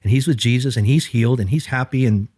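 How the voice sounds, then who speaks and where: A middle-aged pastor speaks earnestly on a podcast. His voice sits at an ordinary pitch and swings up and down as he acts out what other people said. The sound is dry and close, with no room echo. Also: quick pace. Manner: earnest, animated, acts out quoted dialogue. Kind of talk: reflective podcast conversation.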